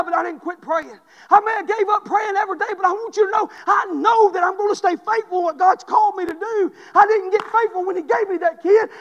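A man, preaching a fervent sermon and building to shouted peaks with repeated refrains. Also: very high voice, in a large hall. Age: 40s.

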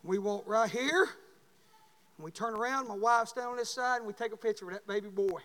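High-voiced preacher, folksy then shouting. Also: male voice, brisk. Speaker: pastor. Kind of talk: sermon. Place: church sanctuary. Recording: long hall reverb.

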